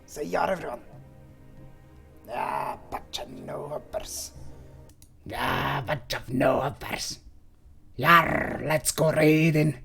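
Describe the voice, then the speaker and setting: A man voicing a blustering male pirate captain who greets his crew at the start of a game playthrough, with a raspy, gravelly voice. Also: a little high, takes it slowly, long pauses, sharp tone, faint music behind, full character voice. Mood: swaggering. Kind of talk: let's play pirate intro.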